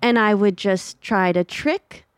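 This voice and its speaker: A young woman comedian chatting as a podcast guest, animated and laughing often. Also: mid-range voice, slow pace, smooth, dry recording, clean studio sound. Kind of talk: casual chat.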